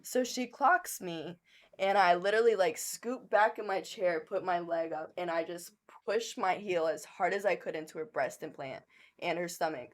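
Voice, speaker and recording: A woman co-hosting a podcast, telling a story in a blunt, profane, animated way. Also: fairly low pitch, normal speed. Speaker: podcast co-host. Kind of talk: casual storytelling chat.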